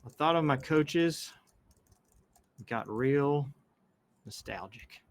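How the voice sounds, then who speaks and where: A man's voice: mid-range voice, very slow, slight background noise, low-quality recording. A man hosting a casual show, reading posts aloud and wandering off into enthusiastic personal asides. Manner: meandering, self-interrupting, enthusiastic asides. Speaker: host reading social media posts. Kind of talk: casual rambling commentary.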